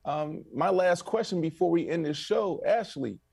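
A man's voice: on the high side, normal speed, creaky, a little mellow, slightly rough, no echo, clean studio sound. A man hosting a casual sports talk show, joking and playful with his co-hosts. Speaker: show host.

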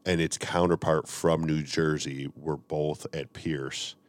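A man's voice: very deep voice, fairly even intonation, slow pace. A man hosting a casual podcast as a firefighter from the Chicago suburbs, laughing often and talking with many ums and uhs.

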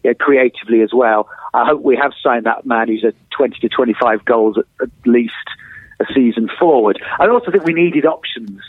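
A man's voice: medium pitch, fairly quick, no room sound. A man as a podcast guest, giving hesitant but firm opinions about football. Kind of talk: casual football chat. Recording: tinny phone-like line, dry.

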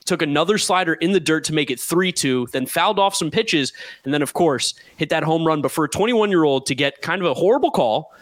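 A man with a somewhat higher voice talks through stats in upbeat, conversational sports chat. He sounds close and dry, with no echo. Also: animated, fairly quick, fairly bright tone. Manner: stat-minded, upbeat, conversational. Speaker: podcast co-host.

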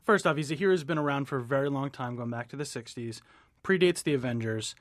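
A man's voice: medium pitch, fast talker, no echo. Chatty male entertainment editor guest. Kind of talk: casual interview.

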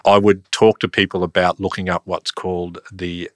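Man, earnest reflective talk, lower voice, dry recording. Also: little pitch movement, moderate pace, no room sound. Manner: earnest, reflective, warms up when recalling family moments. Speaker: podcast guest. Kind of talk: conversational storytelling.

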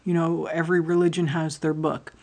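A woman's voice: deep voice, flat delivery, a little fast, darkish tone. A woman talking to her audience in a rambling, candid personal monologue, swearing often as she tells stories about her life. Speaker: podcast host.

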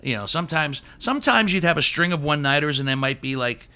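A man's voice: a little high, expressive, fast talker, bright, forceful tone, clean tone. A man hosting a casual interview, teasing his guest and trading road stories. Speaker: podcast host.

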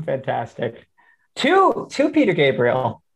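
A middle-aged man co-hosting a podcast, telling stories in a lively, animated way. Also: medium pitch, slow, creaky, breathy edge. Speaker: podcast co-host. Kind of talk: casual chat.

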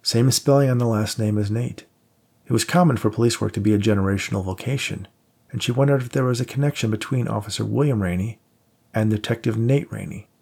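A man narrating a novel aloud in a steady, measured reading, with small shifts in his voice for the characters. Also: lowish voice, vocal fry, husky. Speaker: audiobook narrator. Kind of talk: scripted narration.

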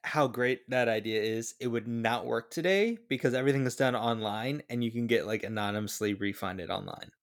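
A man's voice: mid-range voice, brisk, few pauses. Man laughing through movie anecdotes. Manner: animated storytelling, laughs while quoting lines. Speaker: podcast co-host. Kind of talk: casual movie review chat.

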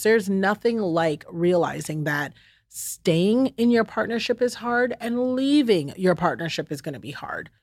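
Casting note: middle-aged woman, fairly low voice, candid and direct, solo host chat, dry close mic. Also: dry recording. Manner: warm, candid, talks straight to the listener as "friend" and "y'all". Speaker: podcast host. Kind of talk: heartfelt solo chat to listeners.

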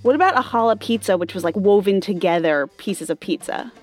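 A woman hosting a scripted kids' game show podcast, playing the brisk, exasperated straight woman. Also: medium pitch, faint music behind.

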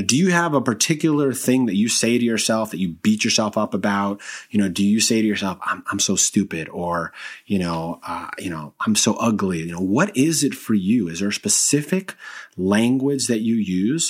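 Male podcast host, lowish husky voice, earnest coaching delivery. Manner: earnest, coaching, addresses listeners directly. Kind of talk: self-help podcast talk.

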